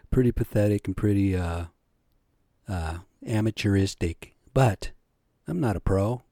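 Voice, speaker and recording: A man's voice: lowish voice, warm tone, dry recording, clean studio sound. A man hosting his own podcast, ranting heatedly with constant swearing. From American Indian from the United States. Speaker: podcast host. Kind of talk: solo podcast rant.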